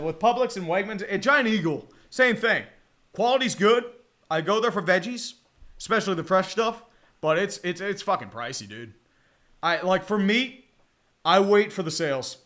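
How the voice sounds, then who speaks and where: A man with a high, bright, sharp-edged voice, chatting loosely on a live stream while he watches a football game. He rambles, curses often, and breaks into quick play-by-play calls. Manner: rambling, profane, chatty with viewers.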